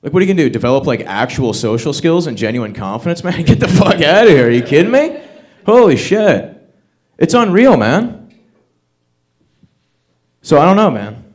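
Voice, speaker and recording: A man rants through a crude stand-up set, swearing freely and hitting his lines in punchy bursts. His voice sits a little high and moves a lot in pitch. He works a stage microphone at an open mic. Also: sing-song, moderate pace, long pauses. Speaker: stand-up comedian. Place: comedy open mic venue.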